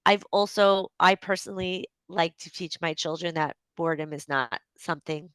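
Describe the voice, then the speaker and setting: A woman with a Canadian accent hosting a solo advice podcast, talking conversationally with frequent fillers and a gentle, reflective manner. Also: lowish voice, expressive, normal speed, few pauses, smooth, no echo. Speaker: podcast host and coach.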